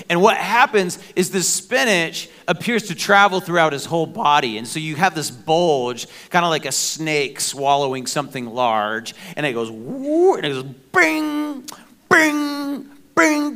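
A middle-aged man preaching a sermon in a conversational, animated way, with joking asides and playful sound effects. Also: on the high side. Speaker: pastor.

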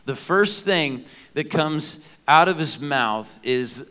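A middle-aged male pastor with a medium-pitched voice preaches a sermon at a measured pace. His delivery is conversational and animated, with joking asides and playful sound effects.

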